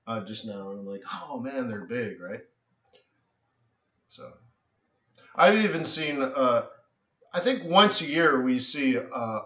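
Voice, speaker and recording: A tired man rambles through animated stories while hosting a live trading stream and keeps saying "so anyways". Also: mid-range voice. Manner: animated storyteller, says "so anyways" often, trails off. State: tired from little sleep. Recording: echoey room, dull lo-fi sound.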